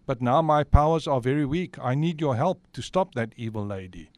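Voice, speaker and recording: A man's voice: mid-range voice, lively intonation, moderate pace, darkish tone, no echo, natural voice. A man voicing a good female witch in a storybook tale who scolds and urges. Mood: urgent. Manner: urgent, scolding. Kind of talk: storybook voice acting.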